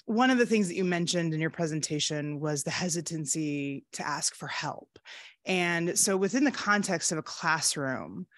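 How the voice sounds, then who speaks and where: A polite woman, a university dean, asks a measured question from the audience. Her voice is low. The recording is dry. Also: no room sound.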